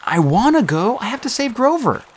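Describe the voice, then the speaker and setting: A man's voice: extremely high pitch, very animated, normal speed, slightly rough, voice pushed up, exaggerated voice. A man voicing an earnest, hesitant teenage boy in an audiobook.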